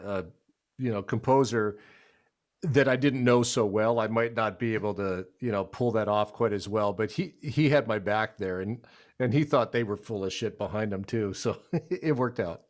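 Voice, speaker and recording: A man's voice: on the low side, moderate pace. A man co-hosting a casual chat, telling a studio story animatedly and laughing as he goes. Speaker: co-host, trumpeter.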